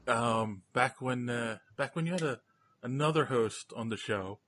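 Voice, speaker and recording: An older man hosting a podcast, who laughs often and talks in a halting, chatty way. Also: mid-range voice, a bit bright. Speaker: podcast host. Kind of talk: casual chat.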